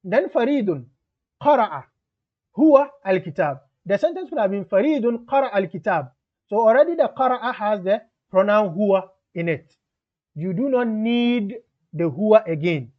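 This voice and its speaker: High-voiced man teaching grammar. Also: lively intonation, a little fast. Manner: reads Arabic text aloud, then explains it in English. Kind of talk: explanatory grammar lesson. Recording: dull lo-fi sound.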